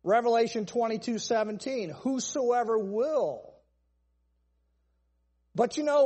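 A man's voice: high voice, darkish tone, in a large hall. A man preaching a sermon, stressing points through long repeated lists. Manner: emphatic, repetitive list-style preaching.

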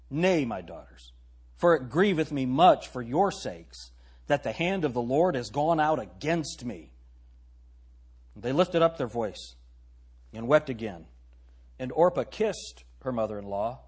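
Husky preacher man reading scripture. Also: medium pitch, expressive, takes it slowly, a little mellow. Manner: reads old-style scripture, breaks off for joking asides to the congregation. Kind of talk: sermon reading scripture aloud.

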